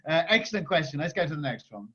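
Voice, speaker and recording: A male children's author answering schoolchildren's questions on a video call, chatty and energetic with many restarts. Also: on the high side, quick pace. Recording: dull lo-fi video call audio.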